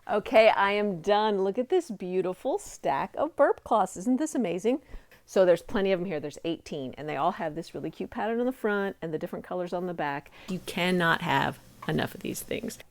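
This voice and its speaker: Woman, low voice, middle-aged, sewing tutorial host, chatty and encouraging, home sewing room, clip-on mic. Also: lively intonation, a little fast. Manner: chatty and encouraging, talks while working. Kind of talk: step-by-step craft demonstration.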